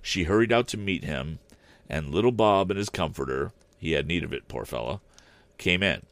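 Gravelly deep-voiced man narrating a story. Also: dry recording. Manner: expressive, slow deliberate reading. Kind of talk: audiobook narration.

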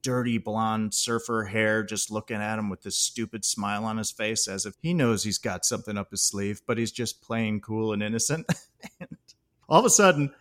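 A man's voice: on the low side, normal speed, a bit bright. Man chuckling through a movie recap. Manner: laughs often while retelling scenes. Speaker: podcast co-host. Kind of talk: casual movie discussion.

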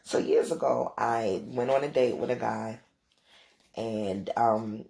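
A middle-aged woman hosting a podcast, telling a story in a casual, animated, profane way and acting out quotes. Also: slow pace, vocal fry. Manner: animated, profane, acts out quotes with big pitch jumps. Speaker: podcast host.

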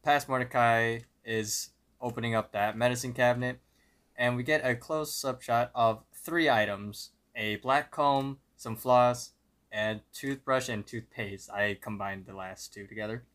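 A man's voice: mid-range voice, steady tone, unhurried, fairly bright tone. A young man co-hosting a podcast, easygoing, often trailing off and correcting himself. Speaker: podcast co-host. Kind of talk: casual chat.

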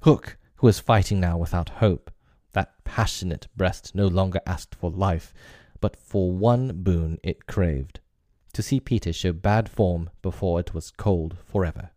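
Deep-voiced man narrating a classic storybook. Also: unhurried, warm tone, dry recording, clean studio sound.

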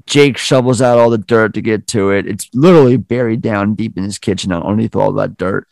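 A man's voice: on the low side, brisk, creaky, a little mellow, no room sound. A man hosting a podcast, animatedly retelling a film scene in casual chat and acting out the lines. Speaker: podcast host.

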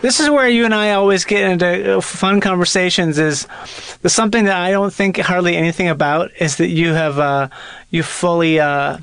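High-pitched guy hosting a podcast, keeps tripping over his words, eager questions. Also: smooth, dry recording. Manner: halting, restarts a lot, excitable questions. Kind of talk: casual podcast chat.

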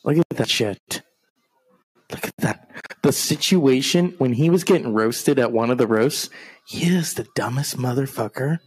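A man's voice: medium pitch, unhurried, husky. A man hosting a podcast, mocking a TV broadcast in a crude, sarcastic running commentary with exaggerated gasps. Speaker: podcast host.

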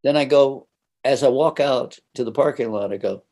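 A man's voice: medium pitch, moderate pace, mellow. An older man telling a story from his career in a casual interview, acting out the voices of the people in it and laughing often.

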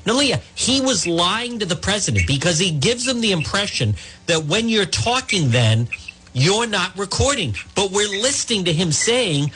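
A man hosting a political talk radio show, explaining his points at length to a caller in a husky voice. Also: high-pitched, moderate pace, rough recording. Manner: animated, addresses caller by name, explains at length.

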